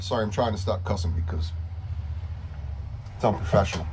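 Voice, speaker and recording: A man's voice: lowish voice, brisk, pauses often, background noise. A man giving a casual video update to coworkers as their union steward, frustrated and rambling, repeating himself.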